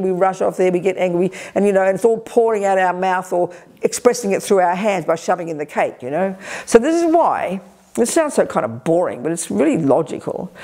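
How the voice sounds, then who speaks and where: Energetic older woman, Dharma teacher, blunt and lively, warm low tone. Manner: energetic, direct, lively emphasis. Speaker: Buddhist teacher leading a retreat. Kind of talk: Dharma teaching with audience questions. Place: retreat hall.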